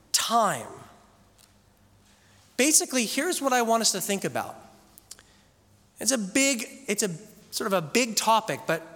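A male pastor preaching a sermon in a church, telling stories casually and slowing down for emphatic scripture reading. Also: high voice, a bit bright. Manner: conversational storytelling that slows into emphatic scripture reading. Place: church sanctuary. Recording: echoey church hall.

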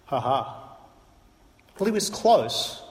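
A man's voice: medium pitch, big pitch swings, slow pace. A man preaching a sermon to a congregation, emphatic and repetitive, asking rhetorical questions. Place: church hall. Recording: echoey hall from a distance.

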